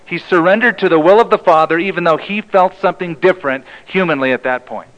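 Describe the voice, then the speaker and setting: A male pastor preaching a sermon in an emphatic way, often dropping to a hushed tone for the key lines. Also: high-pitched, fast, poor audio.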